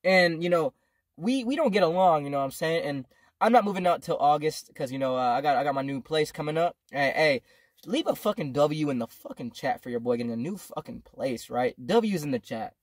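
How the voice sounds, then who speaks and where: A young man in his twenties rambles through a storytime vlog and swears freely. His voice sits high for a man and jumps around a lot. The sound is dry and close. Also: brisk, no echo. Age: 20s. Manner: rambling, profane, animated. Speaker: vlogger.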